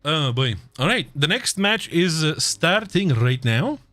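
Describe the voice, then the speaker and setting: A man's voice: fairly high pitch, sing-song, a little slow, fairly bright tone. A man with a Russian accent giving casual, joking live esports commentary and chatting with viewers, laughing often. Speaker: esports caster.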